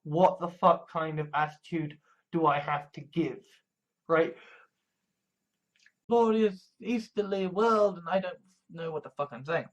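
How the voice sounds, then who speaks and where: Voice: medium pitch, a little slow, long pauses, dull audio. A video essayist delivering a casual, rambling monologue full of profanity and emphatic asides.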